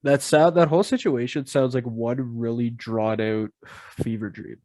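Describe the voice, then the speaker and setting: A man's voice: mid-range voice, steady tone, normal speed, a little mellow, dry recording. Young podcast guy cracking jokes at his friend's story, dry mic. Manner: joking reactions, laughing along. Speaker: podcast co-host. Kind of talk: casual chat.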